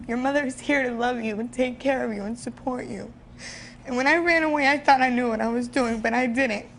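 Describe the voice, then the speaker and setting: A woman's voice: sits high, a little hiss or hum. A young woman on a talk show earnestly pleading with teenage girls from her own experience. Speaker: guest sharing her story. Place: TV studio.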